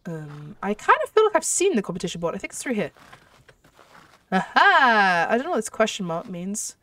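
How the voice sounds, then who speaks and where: A woman hosting a gaming channel, giving excitable let's-play commentary full of gasps and exclamations. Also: medium pitch, normal speed, distant mic, a little hiss or hum. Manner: excitable, gushing, lots of exclamations.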